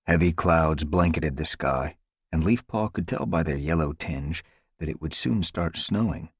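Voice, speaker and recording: Deep husky man narrating a story. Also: no echo. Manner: measured, dramatic storytelling. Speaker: audiobook narrator. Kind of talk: scripted narration.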